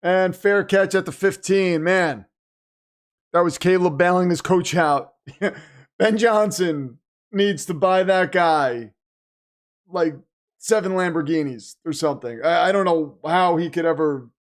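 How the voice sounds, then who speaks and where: A man hosting a live watch party, reacting excitedly to the game and reading viewer comments aloud, his voice getting worn. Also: high voice, measured pace. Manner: animated, exclaiming, reads chat aloud. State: losing his voice. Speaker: livestream host.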